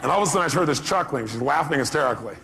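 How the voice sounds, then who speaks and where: A man's voice: mid-range voice, expressive, racing, creaky, a crowd in the background. A middle-aged man giving a motivational seminar talk, emphatic and quizzing the audience with questions. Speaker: motivational speaker.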